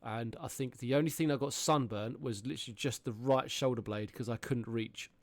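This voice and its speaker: An English man in his thirties chats loosely on a podcast, with loose, rambling talk full of swearing and sudden animated exclamations. His voice sits at an ordinary middle pitch and is recorded close and dry, with no room sound at all. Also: brisk, no room sound. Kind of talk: casual chat.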